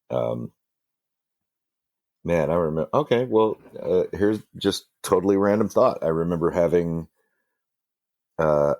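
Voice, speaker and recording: Guest musician, man with a very low voice, loose and self-deprecating, plenty of ums; dry, close recording. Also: darkish tone, no echo. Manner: rambling, self-deprecating, many fillers and restarts. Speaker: guest musician, band singer. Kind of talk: casual storytelling interview.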